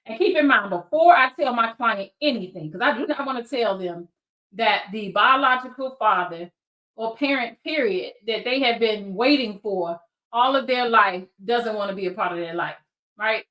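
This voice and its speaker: Lively storytelling woman, higher voice. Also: normal speed. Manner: lively storyteller, talks straight to the viewers. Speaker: searcher for biological families, show host. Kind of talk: storytelling to camera. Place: lives in Georgia.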